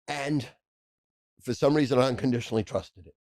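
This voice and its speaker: Gravelly New man telling brash stories. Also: mid-range voice, a little mellow, no echo. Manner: brash, profane, rapid storyteller. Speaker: podcast guest. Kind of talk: storytelling in casual chat.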